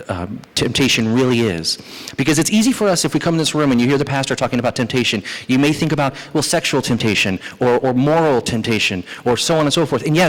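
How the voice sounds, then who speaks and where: A male pastor preaching a sermon, lively and animated, who acts out the psalmist's complaints as he goes. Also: mid-range voice. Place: church sanctuary. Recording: church hall reverb.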